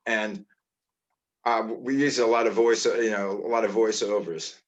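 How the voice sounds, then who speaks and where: Rambling older male host, low voice. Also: steady tone, a little slow. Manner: rambling, anecdotal. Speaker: interview host. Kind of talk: casual interview chat.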